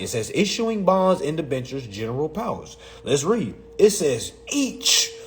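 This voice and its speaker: A man, talking in a profane, excitable casual monologue, reading legal text aloud and mocking it. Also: medium pitch, slight background noise. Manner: profane, excitable, laughs often, reads text aloud and mocks it. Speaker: commentator on consumer law.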